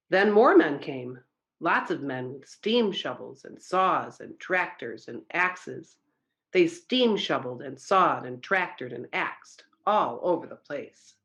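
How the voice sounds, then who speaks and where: A woman reading a children's story aloud at a church service, expressive and engaging her listeners. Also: low voice, muffled recording.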